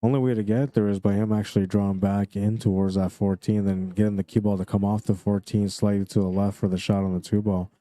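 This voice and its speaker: Low, flat-voiced Canadian pool commentator. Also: male voice, fast talker, few pauses, no echo. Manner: relaxed, chatty, greets viewers by name. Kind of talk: live sports commentary.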